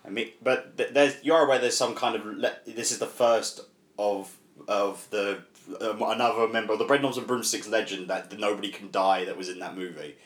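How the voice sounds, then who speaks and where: Dry podcast host. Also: male voice, on the low side, steady tone, fairly quick. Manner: dry, wry, leads the segments. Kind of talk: casual comedic podcast banter. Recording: echoey room.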